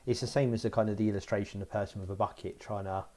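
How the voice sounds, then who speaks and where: A man's voice: fairly low pitch, steady tone, very fast, dark tone. A middle-aged man co-hosting a podcast, talking in a reflective way as he thinks aloud. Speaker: podcast co-host. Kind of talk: casual podcast chat.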